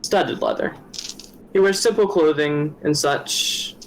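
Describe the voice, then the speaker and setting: Man, higher pitch, relaxed tabletop player describing his character, faint background hum. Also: slow pace, poor audio. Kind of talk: casual chat and character description.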